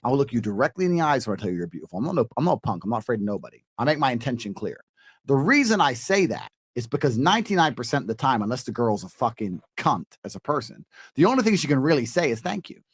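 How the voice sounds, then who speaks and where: A man on a podcast explaining dating advice to a panel, emphatic and coaching, dropping into a calm low voice to act out his lines, recorded on a studio mic. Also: racing, husky. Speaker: podcast guest. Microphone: studio microphone.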